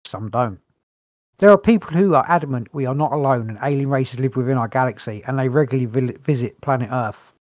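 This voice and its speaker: A man's voice: mid-range voice, brisk, darkish tone, dry recording. Dry wry man reading notes. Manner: wry, dry humour, sighs between points. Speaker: podcast co-host. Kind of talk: casual chat, reading notes aloud.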